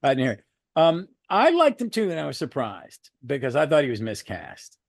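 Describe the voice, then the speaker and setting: A man co-hosting a podcast, chatting casually about a superhero movie, rambling and swearing freely with animated bursts. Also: fairly high pitch, moderate pace, vocal fry, no room sound, clean studio sound. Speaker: podcast co-host. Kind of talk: casual movie review chat.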